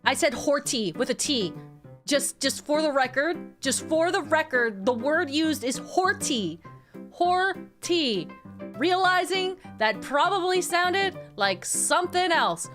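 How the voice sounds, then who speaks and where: High, lively woman streamer. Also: measured pace. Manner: playful, teasing, bursts into mock outrage at chat. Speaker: VTuber streamer. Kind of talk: casual live-stream chat. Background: background music.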